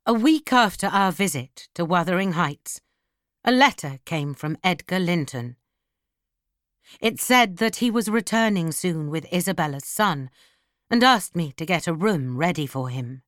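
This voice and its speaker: A woman narrating a classic novel as an audiobook, in slow, expressive storytelling. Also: on the low side, dry recording, studio quality.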